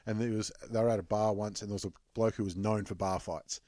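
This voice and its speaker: Low-voiced Australian man spinning yarns. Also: steady tone, quick pace, mellow, dry recording, studio quality. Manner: rambling anecdotes, laughs at own punchlines. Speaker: podcast co-host. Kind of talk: casual sports chat.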